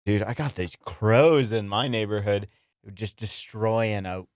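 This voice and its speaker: A man's voice: lowish voice, measured pace, dry recording, clean studio sound. A man chiming in on a podcast with offhand joking asides.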